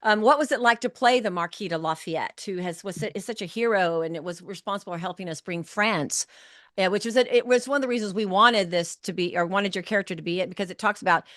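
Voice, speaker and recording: A woman hosting a podcast interview, effusive and gushing, often backing up to restart a sentence. Her pitch sits in a middle range. The sound is dry and close, with no room echo. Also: fast, a bit bright. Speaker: podcast host and producer. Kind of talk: warm enthusiastic interview chat.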